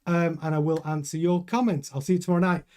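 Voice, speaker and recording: A man's voice: fairly high pitch, fairly even intonation, fast talker, a little mellow. A man hosting a live motorsport news stream, chatting casually, reading out viewer comments and thinking aloud with many fillers and restarts.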